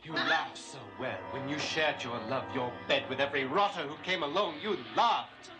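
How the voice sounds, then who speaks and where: A man's voice: on the high side, normal speed, lightly acted. An actor playing a deranged male serial killer who rants bitterly at his mother, in dubbed film acting over music. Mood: ranting rage. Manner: ranting, bitter, mocking. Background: film score music.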